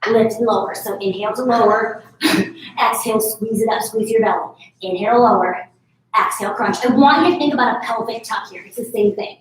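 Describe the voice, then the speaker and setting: A woman's voice: fairly high pitch, fairly quick. A woman in her thirties leading a live barre workout class, chatty and encouraging, laughing often. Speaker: fitness instructor. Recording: echoey room, far from mic.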